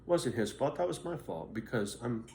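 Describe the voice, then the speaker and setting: A man's voice: mid-range voice, expressive, moderate pace, vocal fry, a little mellow. A middle-aged man bluntly telling his own story in a profane, street-tough way. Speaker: vlogger. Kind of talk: candid personal monologue. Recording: roomy echo, faint background noise.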